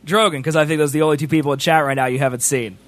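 A man hosting a stream, chatting casually and teasing his co-host in a chatty, animated way. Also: on the high side, racing, no echo. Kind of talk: casual chat.

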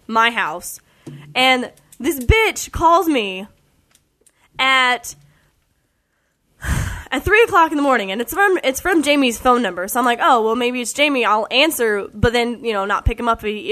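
A young woman telling a story in casual chat, animated and full of "like"s. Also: fairly high pitch. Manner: chatty, animated, many "like"s.

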